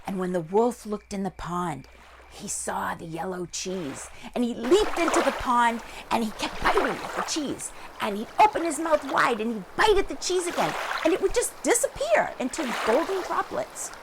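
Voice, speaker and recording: A woman librarian telling a children's story in an animated, expressive way. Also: on the high side, normal speed, heavy background noise. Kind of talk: storytime read-aloud.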